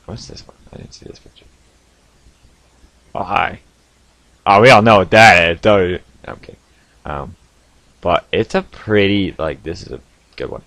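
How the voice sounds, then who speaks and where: A young man telling stories to camera from his home basement in a casual, animated way, with sudden loud outbursts and frequent laughs. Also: deep voice, unhurried, creaky, pauses often, no room sound. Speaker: vlogger.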